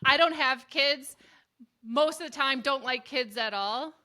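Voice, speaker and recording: A woman with a Wisconsin Midwestern accent, co-hosting a loose podcast chat. Her voice is bright and a bit high, and she talks in a blunt, joking way that doesn't mind a swear word. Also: measured pace. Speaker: podcast co-host. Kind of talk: casual chat between sisters.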